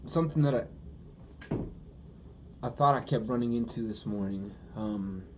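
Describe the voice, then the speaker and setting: A young man talking through his feelings in a personal monologue, halting and rambling, with many fillers. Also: medium pitch, heavy background noise.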